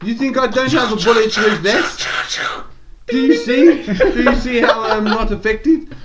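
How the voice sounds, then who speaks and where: A man's voice: very high-pitched, a little slow, over loud music, pitched above the performer's own voice. A man voicing a brash, cocky green ogre bar owner in an improvised western role-play, with a bumbling mock accent. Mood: swaggering.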